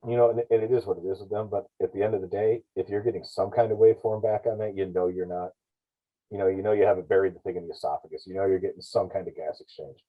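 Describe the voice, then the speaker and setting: A man's voice: sits low, steady tone, quick pace. A man on a podcast explaining paramedic practice in a rambling, self-correcting way. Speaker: paramedic guest. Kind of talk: podcast discussion. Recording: dull lo-fi podcast audio.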